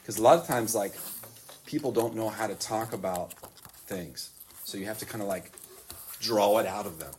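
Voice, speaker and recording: A man's voice: on the low side, moderate pace, pauses often, darkish tone, distant mic. Man, priest, informal youth talk, lots of "like" fillers, laughs a lot, faint background noise. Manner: chatty, full of "like" fillers, laughs often. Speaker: priest and school chaplain. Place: boys' school in the US South.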